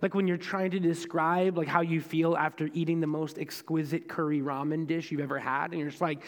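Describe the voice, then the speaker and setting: A man's voice: a little high, flat delivery, brisk, hardly any pauses, in a large hall. A young man preaching a sermon as pastor, in a conversational storytelling way with self-deprecating asides.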